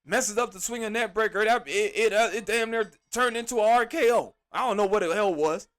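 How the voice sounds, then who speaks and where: A man hosting a podcast, reviewing a wrestling show in an animated, exasperated rant full of slang. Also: high-pitched, brisk. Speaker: podcast host.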